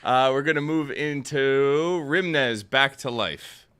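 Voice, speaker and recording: A man's voice: mid-range voice, slow pace, fairly bright tone, smooth. A man hosting a music feedback show, easygoing and casual, introducing songs and giving mix notes. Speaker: show host. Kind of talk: casual panel talk.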